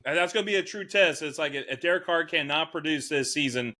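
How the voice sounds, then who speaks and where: An easygoing man co-hosts a casual sports chat, agreeing readily and tossing in jokes. His voice sits fairly high and sounds bright and sharp. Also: a little fast. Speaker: fantasy football podcast co-host.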